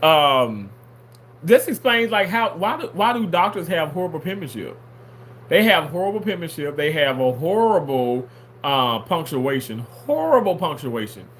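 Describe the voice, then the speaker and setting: Reading chat comments aloud on his livestream, a man replies in a lively, joking way and laughs frequently. He talks at normal speed in a slightly high voice, and there's a little hiss or hum.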